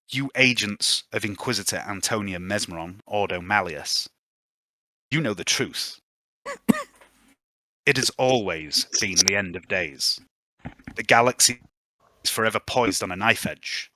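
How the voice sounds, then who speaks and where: A man's voice: on the low side, sharp tone, no echo, studio quality. A man narrating a tabletop game as game master, in an ominous, theatrical storytelling manner.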